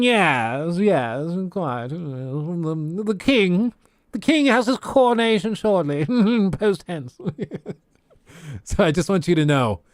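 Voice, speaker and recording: A man's voice: mid-range voice, dry recording. An American man hosts a casual livestream, talking things through conversationally. He often restarts his sentences and fills the gaps with "um." His voice is close and dry, with no room sound. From United States. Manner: conversational, frequent fillers and restarts. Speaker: streamer host.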